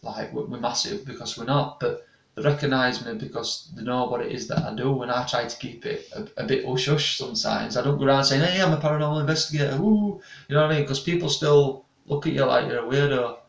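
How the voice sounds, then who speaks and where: A young man rambles through a casual live chat with his viewers. His voice has a gravelly edge. He sits back from the mic in an echoey room. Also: medium pitch, fairly even intonation, fairly quick, recorded from a distance. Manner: rambling, chatty, restarts often. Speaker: paranormal investigator and channel host. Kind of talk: casual live-stream chat reading comments.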